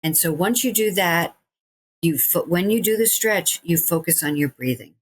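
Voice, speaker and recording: A woman in her sixties, a guest on an interview podcast, who tells stories in an animated way, laughing often and acting out what people said. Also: lowish voice, normal speed, husky. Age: 60s. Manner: animated, acts out quoted voices, laughs often. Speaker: guest, stretching teacher. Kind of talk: casual interview storytelling.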